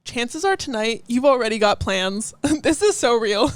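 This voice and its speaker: A woman's voice: on the high side, very animated, measured pace, no echo. A woman co-hosting a podcast, chatting casually with lots of giggles and rambling asides. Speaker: podcast co-host. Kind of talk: casual chat.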